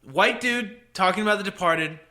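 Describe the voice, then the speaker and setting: A man in his thirties telling a comedic story on a podcast, animated, incredulous and profane. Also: high voice, normal speed. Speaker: podcast co-host.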